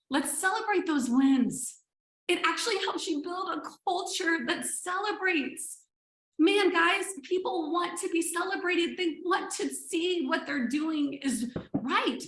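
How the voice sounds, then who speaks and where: A woman with a high voice and a gravelly edge, leading a coaching training call. She is playful and emphatic, and her voice rings in a noticeably echoey room. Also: a bit bright.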